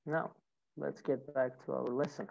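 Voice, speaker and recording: A woman with an American accent teaches pronunciation online. Her voice is low and mellow, and she speaks slowly, repeating each word for her learners. The audio is dull and lo-fi. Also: level tone, gravelly, slight background noise. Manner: slow, repeats words for learners. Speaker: English teacher.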